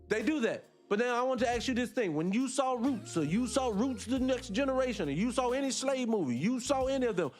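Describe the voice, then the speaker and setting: A man with a high voice hosts a morning reaction show, chatting loosely and dropping sarcastic asides. He's animated and speaks at a normal speed, often turning to address viewers directly while faint music plays underneath.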